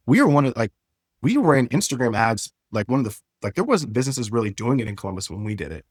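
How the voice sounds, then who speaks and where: A man's voice: medium pitch, big pitch swings, fast talker, slightly rough, no echo, studio quality. A man speaking as an entrepreneur guest on a podcast, talking earnestly and eagerly. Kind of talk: casual interview chat.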